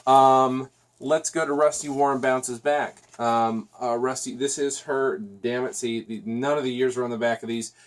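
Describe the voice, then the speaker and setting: A man's voice: medium pitch, steady tone, normal speed. Chatty man rambling through a podcast review. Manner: rambling, chatty, frequent restarts and fillers. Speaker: podcast host. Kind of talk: casual solo podcast review.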